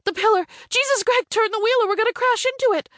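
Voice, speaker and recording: A woman voicing a sharp, insistent young woman. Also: sits high, very animated, brisk, no echo, studio quality, voice pushed up. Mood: terrified. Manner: sharp and insistent, rising to shouts. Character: young woman, defiant then terrified. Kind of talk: audiobook character voice.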